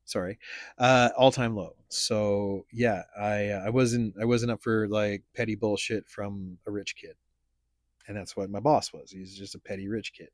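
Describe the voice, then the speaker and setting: A man's voice: lowish voice, fairly even intonation, unhurried, dry recording, studio quality. A man hosting a casual podcast chat, telling stories in a blunt, profane, rambling way. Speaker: podcast host.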